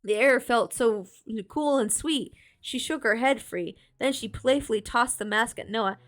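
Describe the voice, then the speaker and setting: A woman streamer reading a children's horror book aloud, expressive with small slips. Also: on the high side, unhurried. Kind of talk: storybook read-aloud.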